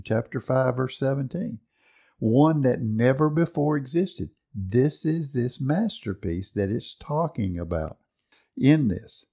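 A man preaching a sermon, teaching slowly and emphatically with dramatic pauses. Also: mid-range voice, gravelly, mellow.

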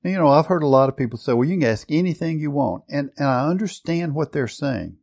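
A man preaching a sermon, emphatic, stretching out key words and often changing his loudness. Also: fairly high pitch, animated, fast.

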